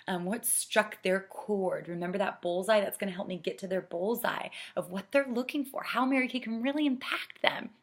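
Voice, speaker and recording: A middle-aged woman coaching saleswomen, earnest and persuasive, dropping to a soft hush to stress a point. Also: mid-range voice. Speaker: sales director training consultants. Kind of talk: coaching talk with acted sales pitch.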